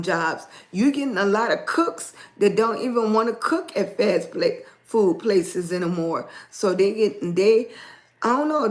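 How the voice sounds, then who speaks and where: A hoarse, raspy-voiced woman hosting a casual livestream, greeting chat viewers by name as she chats. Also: mid-range voice. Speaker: livestream host.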